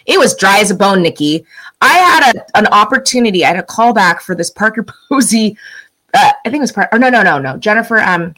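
A middle-aged woman chatting casually as a podcast guest. She tells stories with energy and jumps into playful voices for the people she quotes. Her voice sits at a middle pitch. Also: brisk, poor audio. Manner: animated storyteller, acts out quoted lines. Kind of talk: casual chat.

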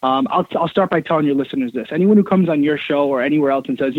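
Calling in over a dry phone line with no room sound, a thirtysomething interview guest tells stories in a casual, lively manner. He's emphatic and repeats words, talking fast in a fairly high voice.

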